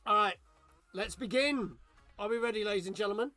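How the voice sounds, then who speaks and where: A man's voice: high-pitched, fairly quick, sharp tone, no room sound, soft background music. A man hosting a live game stream, joking and chatting with viewers as he reads out their messages. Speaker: streamer host. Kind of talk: casual live-stream chat.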